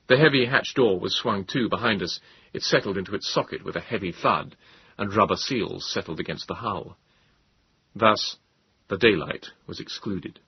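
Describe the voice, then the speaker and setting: A man narrating a story in a measured, grave way. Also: fairly low pitch, husky, no room sound. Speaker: audiobook narrator. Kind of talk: scripted narration. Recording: slightly dull, dry recording.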